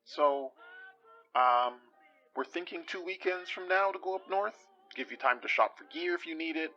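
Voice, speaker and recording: A man's voice: on the high side, moderate pace, pushed and bright, dull audio, faint music behind. A man playing an awkward detective in an audio drama, hesitant and self-deprecating.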